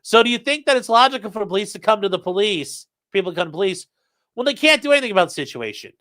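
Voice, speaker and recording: A man's voice: high voice, lively intonation, fast talker, sharp tone. A man giving casual, profane commentary as a show host, acting out quoted dialogue as he retells a police encounter.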